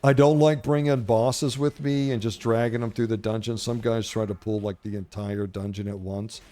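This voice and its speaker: A man's voice: fairly low pitch, steady tone, normal speed, mellow. A middle-aged man hosting a gaming channel, telling rambling, profane, jokey stories over gameplay commentary. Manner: profane, brash, jokey storytelling.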